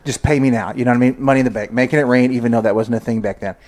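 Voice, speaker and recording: A man's voice: medium pitch, racing. Man, podcast host, casual storytelling, acts out quotes. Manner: animated, acts out quotes in his stories.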